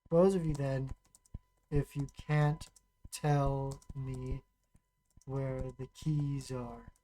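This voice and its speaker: A streamer casually playing a text adventure, reading the story aloud and thinking out loud while typing, often pausing and restarting. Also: medium pitch, little pitch movement, slight background noise, low-quality recording. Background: keyboard typing and clicks.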